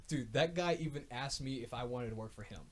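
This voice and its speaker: A man's voice: medium pitch, a crowd in the background. Blunt man chatting casually. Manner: blunt, swears freely, chimes in with quick agreement. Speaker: podcast co-host. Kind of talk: casual chat.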